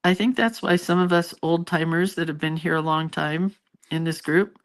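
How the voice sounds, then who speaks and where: A woman's voice: low-pitched, steady tone, normal speed. A middle-aged woman hosting a casual live stream, chatting with her viewers and reading out their comments in a rambling, familiar way.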